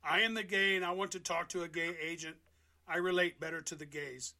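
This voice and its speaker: A man making a prank phone call, playing a theatrical, flamboyant character who bursts into yelling. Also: on the high side, steady tone, fairly quick. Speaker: scam-baiting prank caller.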